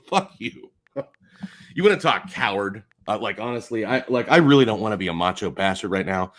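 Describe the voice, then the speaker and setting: An angry man on a livestream, swearing and swinging between low mutters and shouts. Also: animated, normal speed. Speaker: streamer. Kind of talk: heated livestream rant.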